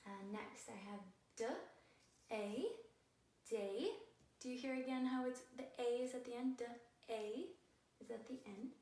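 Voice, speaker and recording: A woman teacher giving a patient phonics lesson to young children, sounding words out slowly and carefully. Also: on the high side, flat delivery, warm tone. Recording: echoey room, voice a bit far from the mic.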